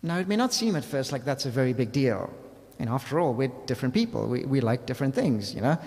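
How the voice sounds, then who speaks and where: A man preaching a sermon in a lively, conversational way, asking his listeners rhetorical questions. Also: mid-range voice, quick pace, long reverb tail.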